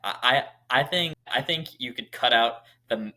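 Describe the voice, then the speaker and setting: A man's voice: mid-range voice, normal speed, bright, forceful tone. A man hosting a podcast in casual chat, eager and stammering with frequent restarts. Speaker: podcast host.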